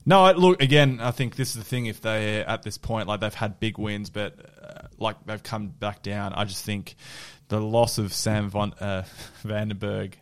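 A man's voice: lowish voice, steady tone, normal speed, hardly any pauses, clean tone. A male podcast co-host in casual sports chat, rambling with lots of fillers and restarts.

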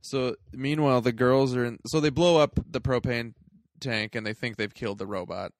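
A Canadian man co-hosting a podcast rambles through a movie recap with plenty of filler words in a casual review chat. His medium-pitched voice moves at normal speed, with clean studio sound and no room sound.

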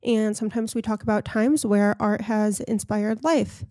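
A woman's voice: medium pitch, fairly even intonation, normal speed, mellow, no room sound, clean studio sound. A woman hosting a casual podcast, frank and opinionated, telling a story to her co-host.

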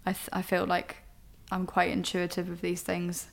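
A woman's voice: on the low side, monotone, normal speed, creaky. A young woman, a podcast host candidly telling a personal story in an emotional, rambling way. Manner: emotional, rambling, frank with swearing.

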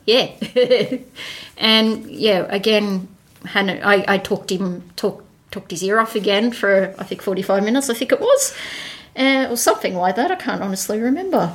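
A woman, a podcast guest chatting through a personal story and acting out the voices in it. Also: lively intonation. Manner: chatty, acts out voices in her story with quick pitch jumps. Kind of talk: casual storytelling.

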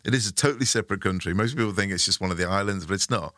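A man chatting casually on a podcast, telling relaxed stories that trail off softly. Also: fairly low pitch, racing, no echo, studio quality. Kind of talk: casual chat.

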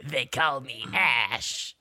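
A man voicing a gross little rat-folk creature, drawing his words out slowly. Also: medium pitch, very noisy.

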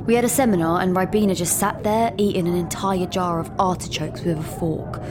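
A woman's voice: fairly low pitch, fairly even intonation, a little fast, music in the background. A young woman, a university student, leaving a rambling, naive voice note. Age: young adult. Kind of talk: comedic voice-note monologue.

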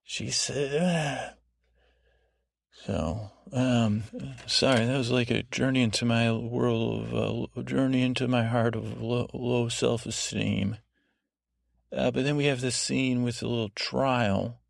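Guy with a gravelly voice rambling on a sleep podcast, dry close sound, lots of restarts. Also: mid-range voice, fairly even intonation, unhurried, no room sound. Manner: meandering, self-deprecating asides, many restarts. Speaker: podcast host.

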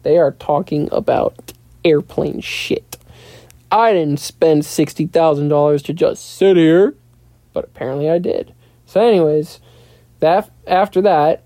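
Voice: medium pitch, mellow, no room sound. A young adult podcast host telling a long casual story alone, rambling and profane, with lots of "blah, blah, blah". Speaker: podcast host and pilot in training. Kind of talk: casual solo storytelling monologue.

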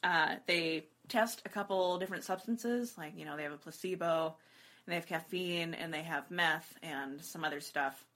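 A woman co-hosting a loose chat, her voice sitting a little low for a woman. She rambles and interrupts herself, giggling as she goes. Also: normal speed, a bit bright. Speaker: podcast co-host. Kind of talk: casual chat.

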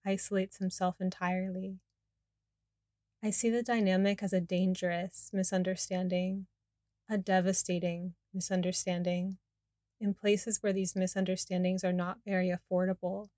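A woman's voice: mid-range voice, a little mellow, no room sound, clean studio sound. A woman narrating her own memoir in a candid, confessional first-person way.

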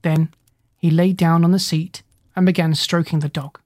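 A reader narrating a children's storybook in a steady, gentle way. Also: medium pitch, moderate pace, no echo. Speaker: audiobook reader.

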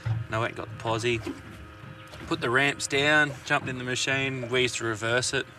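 A man's voice: mid-range voice, steady tone, moderate pace, distant mic, over music. A man hosting a podcast, chatting casually in a laid-back, swearing manner. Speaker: podcast host. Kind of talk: casual chat.

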